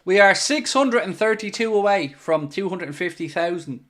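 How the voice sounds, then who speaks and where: A man hosting a live football watchalong stream, chatting casually, answering viewer messages and bursting out loud when goals go in. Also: high voice, moderate pace. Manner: excitable, swings between chatty asides and loud bursts at goals. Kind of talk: live casual commentary and chat.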